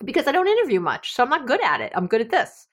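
A middle-aged woman hosting a solo advice podcast, chatty and animated, laughing often and acting out other people's words. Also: high-pitched, fast talker, breathy edge. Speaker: podcast host.

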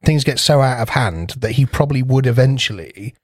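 A man rambles through a casual podcast chat, laughing often and swearing freely. His voice sits at an everyday middle pitch. The sound is dry and close. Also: expressive, a little fast, dry recording. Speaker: podcast co-host.

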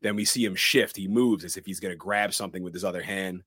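A man's voice: low-pitched, fast, fairly bright tone, breathy edge, dry recording. A man co-hosting a podcast, recapping a movie scene by scene and acting out the characters' lines. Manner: narrates scenes dramatically, quoting characters in shifted voices. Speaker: podcast co-host.

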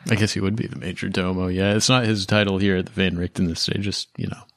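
A man narrating as game master in a tabletop game, describing scenes in a relaxed way. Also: deep voice, fast, no echo, clean studio sound.

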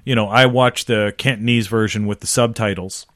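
A man casually chatting through a film commentary, relaxed and swearing, now and then joking in characters' voices. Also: on the low side, moderate pace, dry recording, studio quality. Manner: laid-back, swearing, does jokey voices of characters. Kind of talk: casual movie commentary chat.

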